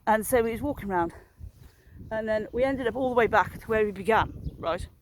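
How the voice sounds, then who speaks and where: A woman's voice: a little high, a little fast, slight background noise. Woman, thirties, casual phone vlog, walking outdoors, chatty, self-mocking humour. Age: 30s. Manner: rambling, jokey, self-mocking storyteller. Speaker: vlogger walking her dogs. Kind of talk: casual chat to a phone camera. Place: outdoors, walking in a public area. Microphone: handheld phone.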